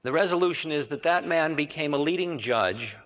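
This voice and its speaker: A man's voice: fairly high pitch, lively intonation, brisk, fairly bright tone. A man giving a spiritual storytelling lecture in a rambling, conversational way, correcting himself and adding asides. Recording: reverberant 1980 hall recording.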